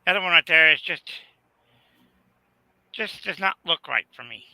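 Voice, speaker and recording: A man's voice: fairly high pitch, expressive, moderate pace, gravelly, bright, forceful tone, no echo, rough recording. A man from Arizona, telling rambling folksy stories in a casual video chat. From Arizona, USA. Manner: rambling storyteller, folksy, repeats "right there".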